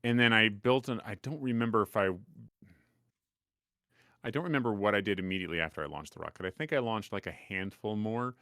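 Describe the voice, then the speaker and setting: Guy with a lowish voice co-hosting a podcast, rambly and self-deprecating, dry close sound. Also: brisk, pushed and bright, no echo. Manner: rambling, self-deprecating, many fillers and restarts. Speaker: podcast co-host. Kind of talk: casual chat.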